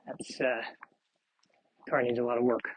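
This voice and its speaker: This solo podcast host talks while strolling along a street, his musings wandering and self-deprecating. His mid-range voice is flat and normally paced, and the muffled lo-fi outdoor recording has slight background noise.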